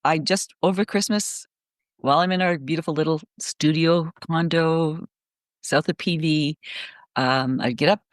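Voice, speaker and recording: Rambling, animated woman on a call. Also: deep voice, a little slow, no echo, clean studio sound. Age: middle-aged. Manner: rambling, animated storytelling with many restarts. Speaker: guest speaker. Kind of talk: casual podcast conversation. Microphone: remote call.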